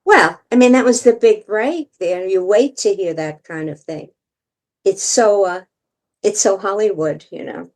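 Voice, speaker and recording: An older woman entertainer telling stories as a guest, lively and theatrical, often laughing. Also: mid-range voice, measured pace. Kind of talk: storytelling interview.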